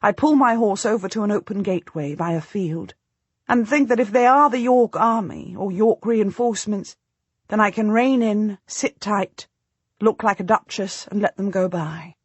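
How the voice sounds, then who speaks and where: A woman narrating a historical audiobook in the first person, measured and storytelling. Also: medium pitch, husky, no room sound.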